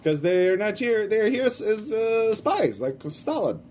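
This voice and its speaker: Man playing a sly old grandmother, Russian accent, tarot mystic, raised pitch, animated, noisy recording. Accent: Russian, put on. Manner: sly, cryptic, drawn-out. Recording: noisy background.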